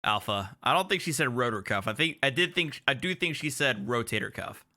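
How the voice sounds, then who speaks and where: A man's voice: a little high, expressive, brisk, pushed and bright. A man, an attorney, giving sardonic, incredulous livestream commentary on clips he plays.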